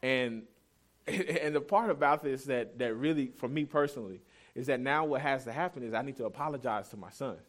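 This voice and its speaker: A man's voice: mid-range voice, brisk. Candid storytelling male preacher. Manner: conversational storytelling, candid and self-deprecating. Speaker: pastor. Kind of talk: sermon.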